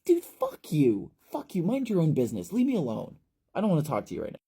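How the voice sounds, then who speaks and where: A man's voice: lowish voice, moderate pace, warm tone, breathy edge. Man doing a jittery, panicky teenage boy. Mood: agitated. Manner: agitated, jittery, stammering.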